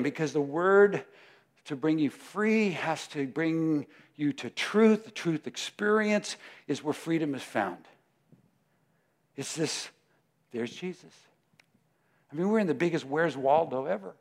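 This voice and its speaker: A man preaching a sermon, emphatic, moving between loud declarations and hushed prayer. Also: fairly high pitch.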